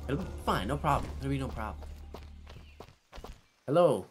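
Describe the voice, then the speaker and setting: A man hosting a gaming channel, giving let's-play commentary with excitable, swearing, shouting reactions. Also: medium pitch, moderate pace. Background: loud game music.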